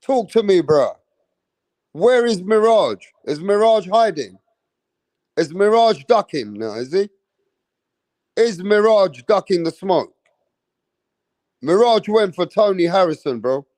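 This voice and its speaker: A cocky man runs a casual boxing live stream, swearing freely and calling out his viewers. His voice sits a little high for a man. The sound is close and dry with no room echo. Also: big pitch swings, takes it slowly, pauses often, darkish tone. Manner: boastful, brash and profane, addressing the chat. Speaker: boxing channel host.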